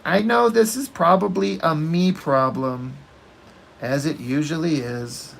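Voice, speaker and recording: Brief: unhurried male artist rambling opinions over his drawing, salty language. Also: a little high, gravelly, slight background noise. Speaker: artist working on a comic page. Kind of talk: casual rambling chat while drawing.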